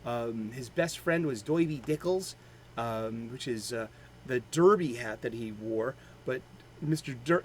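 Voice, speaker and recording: A man's voice: mid-range voice, animated, slight background noise, poor audio. A man with a Boston accent hosting a daily show, chatting casually with many fillers and restarts, full of a fan's enthusiasm. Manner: rambling, halting, with many fillers; enthusiastic fan. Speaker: host of a daily comics show. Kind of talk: casual chat.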